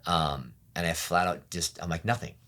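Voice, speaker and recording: A middle-aged pastor telling his own story in an interview, candid and often quiet, acting out the voices of people around him. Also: sits low, fairly even intonation, moderate pace. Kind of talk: personal testimony interview.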